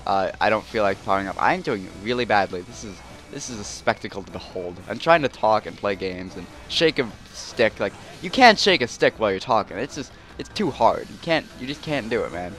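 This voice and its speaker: A man's voice: fairly low pitch, lively intonation, brisk, hardly any pauses, a bit bright. Rambling, chatty young let's play man. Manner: rambling, self-deprecating, many fillers.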